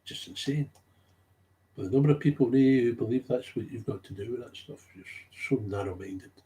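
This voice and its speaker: Mid-range, brisk and mellow, a man delivers an unscripted monologue about his experiences in recovery work. As he grows agitated, he repeats his key phrases to drive them home.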